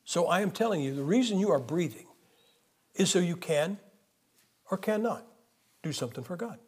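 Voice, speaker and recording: A man's voice: high voice, expressive, moderate pace, darkish tone, slightly rough. A man preaching a sermon in a church, conversational and emphatic, with joking asides. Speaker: guest preacher.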